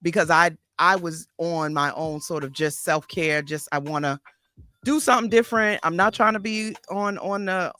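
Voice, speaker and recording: A woman's voice: fairly low pitch, bright, forceful tone, no room sound. A woman therapist and life coach hosting an interview, speaking reflectively with frequent restarts. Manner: reflective, halting with restarts and fillers. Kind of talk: casual interview conversation.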